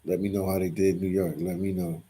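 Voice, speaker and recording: A man's voice: low voice, little pitch movement, a little fast, dark tone, slightly rough. A man hosting a casual livestream, reading viewers' comments aloud and answering them, often repeating his phrases.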